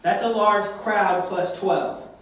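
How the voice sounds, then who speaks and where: A man's voice: high-pitched, steady tone, slow pace, fairly bright tone. A young man preaching a sermon to young people, acting out prayers as he speaks. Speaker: youth pastor. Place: church hall. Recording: echoey hall from far off.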